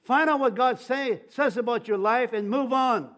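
An older man giving a sermon as pastor, telling his own story in a preaching style full of restarts and stammered repeats, rising louder on key phrases. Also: extremely high pitch, normal speed.

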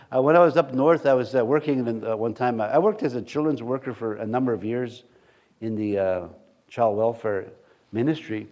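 A man's voice: mid-range voice, moderate pace, long pauses, a little mellow, lo-fi sound. A middle-aged man, preaching a conversational sermon to a congregation in a church. He rambles and jokes, often laughing at his own stories.

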